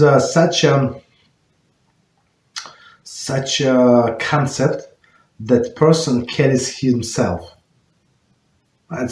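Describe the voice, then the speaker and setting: A man's voice: mid-range voice, darkish tone. Just a rabbi guy explaining stuff, kinda searching for words, echoey room. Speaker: rabbi teaching an online class. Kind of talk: answering questions on religious law. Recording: roomy echo.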